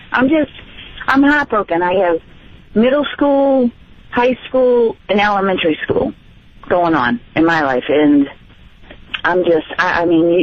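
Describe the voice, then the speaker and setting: A woman calling a radio show, indignant and full of hesitations and fillers. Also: on the low side. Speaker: caller. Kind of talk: phone-in call. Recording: dull phone line.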